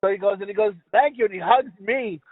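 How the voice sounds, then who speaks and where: A man's voice: sits high, fast, dry recording. A man from the US East Coast co-hosting a podcast, rambling and swearing as he tells stories in casual chat, stumbling over his words. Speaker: podcast co-host. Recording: tinny phone-like dry sound.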